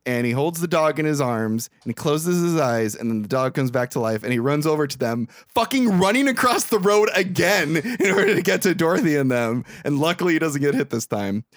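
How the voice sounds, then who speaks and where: A man's voice: on the high side, a little fast, hardly any pauses, dry recording. Rambling, profane podcast man. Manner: rambling, profane, acts out lines. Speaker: podcast co-host. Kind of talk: casual movie recap chat.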